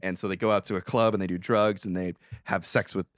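A man's voice: low voice, fast talker, no room sound, clean studio sound. Profane man recapping a movie. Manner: profane, animated retelling with acted quotes. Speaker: podcast co-host. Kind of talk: casual movie recap chat.

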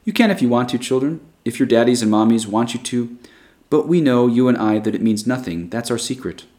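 The voice of a sweet, calm schoolteacher woman, as a male storyteller puts her on, soft and coaxing, with an unhurried, reasonable tone. It sounds like a storybook reading, with the pitch lifted a little above the reader's own. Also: lightly acted. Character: gentle persuasive female schoolteacher, sweet and calm.

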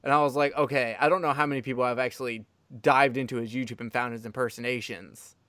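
Smooth, dry-voiced man hosting a podcast. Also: mid-range voice, steady tone, quick pace, fairly bright tone, no echo. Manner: swears freely, rambling and enthusiastic. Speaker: podcast host. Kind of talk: casual podcast interview.

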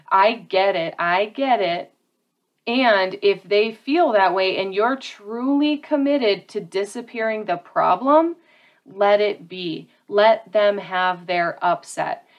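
A woman's voice: medium pitch, lo-fi sound. A woman with a mid-range voice speaks in a direct, earnest way to her listeners. She keeps the tone casual and familiar, and she leans on repeated phrases to drive each point home. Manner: casual, addresses listeners as "y'all" and "you guys". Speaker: self-help speaker. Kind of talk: motivational talk to an audience.

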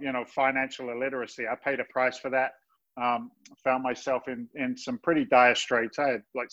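A man's voice: mid-range voice, fairly bright tone. Man in his 50s, London accent with Boston traces, chatty, self-mocking, muffled dull sound. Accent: London English softened by Boston. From England. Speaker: guest, real estate investor. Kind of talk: casual interview chat.

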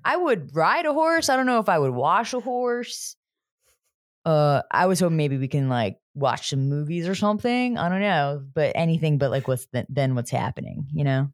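A woman's voice: deep voice, animated, moderate pace, no room sound, clean studio sound. A woman co-hosting a casual podcast, recapping a TV show with jokey, sarcastic asides and casual swearing. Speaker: podcast co-host.

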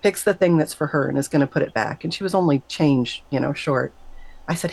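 A middle-aged woman, a nurse, telling an emotional personal story in an interview, animated and emphatic, her voice leaping up whenever she quotes herself. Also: a little fast, gravelly, low-quality recording. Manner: animated, emphatic, jumps high when quoting herself. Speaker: guest, nurse.

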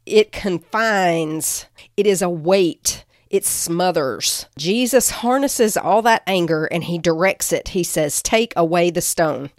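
A woman's voice: fairly low pitch, takes it slowly, dry recording, studio quality. A woman giving a devotional teaching, earnestly reading and explaining scripture passages. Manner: earnest, reads scripture aloud with emphasis. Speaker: podcast teacher.

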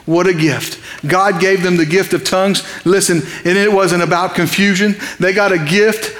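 A man's voice: high voice, fairly even intonation, moderate pace, a bit bright, long reverb tail. A man preaching an evening sermon in a conversational, impassioned way, asking his listeners questions.

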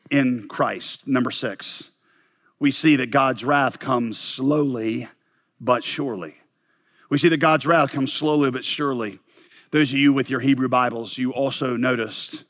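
Male pastor, mid-pitched, lively sermon delivery with humor, big swings between loud and hushed. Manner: animated preaching, rising loud for questions, dropping low and quiet for emphasis; joking asides to the congregation.

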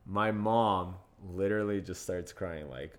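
This young man, guesting on a podcast, has a deep voice and talks a little slowly. He tells lively stories in relaxed chat, performing the quotes and laughing frequently.

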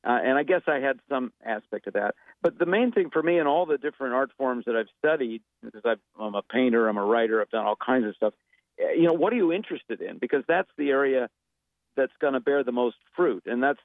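A guest actor and impressionist speaks in an animated, brisk, mid-range voice during a casual interview. He rambles thoughtfully with plenty of fillers and restarts, recorded with phone-quality sound and no room sound.

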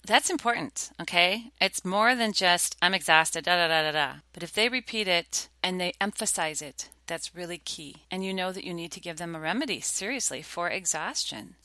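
A woman's voice: on the low side, dry recording. A middle-aged woman hosting a talk show, chatting casually and acting out quotes as she tells stories. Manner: chatty, warm-toned storytelling with acted quotes. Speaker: podcast host.

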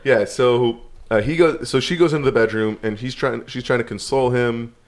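A man's voice: medium pitch, fairly quick. A man telling a story in casual chat, rambling and laid-back, swearing now and then.

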